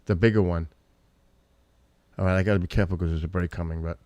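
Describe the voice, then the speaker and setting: A middle-aged man hosting a live stream, chatting casually and rambling between searches and loud exclamations. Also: deep voice, fairly even intonation, fast talker. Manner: rambling, talks to chat and family, breaks into loud exclamations.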